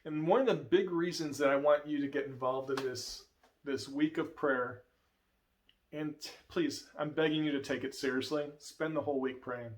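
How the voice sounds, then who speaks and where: A man's voice: fairly high pitch, steady tone, normal speed. Earnest man telling a testimony. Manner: earnest, storytelling, emotional. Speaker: guest speaker. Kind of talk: testimony in a church service.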